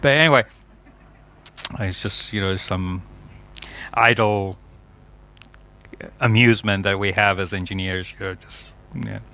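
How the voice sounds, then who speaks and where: A man's voice: lowish voice, unhurried, long pauses, bright, forceful tone. A man giving a chatty, digressive lecture at a yoga festival, laughing often at his own asides.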